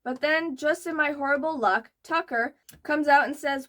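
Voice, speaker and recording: A young woman hosting a reaction video, reading posts aloud and breaking in with loud, exasperated outbursts. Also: high voice, normal speed.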